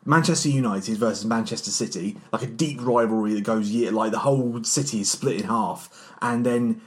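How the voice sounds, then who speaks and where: A man co-hosting a film rewatch podcast, talking in a casual, animated way with lots of fillers and swearing. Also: lowish voice, normal speed. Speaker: podcast co-host.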